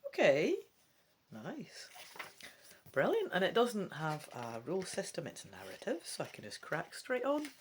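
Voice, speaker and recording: A woman's voice: lowish voice, huge pitch swings, unhurried, slight background noise. A Scottish woman reading a gamebook aloud, breaking off into cheeky, chatty asides to her viewers. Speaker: let's play reader.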